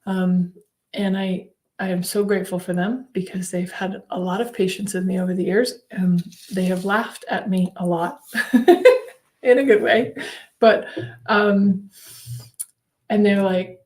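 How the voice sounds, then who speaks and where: A woman hosting a spiritual livestream, telling her story casually and animatedly with frequent laughs. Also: unhurried. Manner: chatty, laughs often between sentences; animated, swings her voice up high when acting out her own replies.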